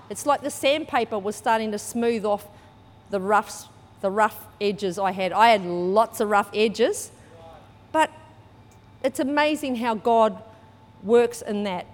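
A woman's voice: fairly high pitch, in a large hall. A woman, preaching a sermon and telling a personal story, acting out voices and laughing often. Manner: lively storytelling, acts out quotes, laughs often. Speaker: church speaker.

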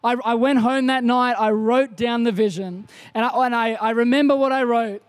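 A man, preaching a sermon in a church auditorium with energetic bursts into shouts. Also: very high voice, moderate pace, clean tone, no echo. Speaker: pastor.

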